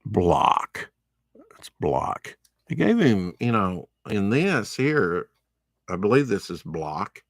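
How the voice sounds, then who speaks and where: Guy rambling thru his comic pile, gravelly low voice, real dry close sound. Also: very animated, slow pace, dry recording. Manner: rambling, chatty, opinionated asides. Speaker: comic book vlogger. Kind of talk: casual comic unboxing commentary.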